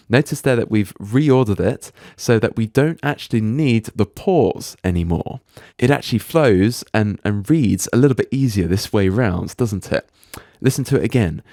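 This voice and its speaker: A man with a fairly low voice gives a recorded lecture over slides, taking his time and reading each example sentence out slowly and with care. The sound is dry and close, with no room around it. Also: expressive, a little mellow, dry recording. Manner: patient, explains slowly, reads examples aloud deliberately. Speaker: teacher.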